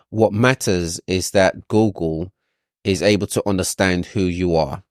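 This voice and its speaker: Man, very low voice, patient explaining, ums and restarts, dry video call sound. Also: animated, takes it slowly, no room sound. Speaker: SEO consultant.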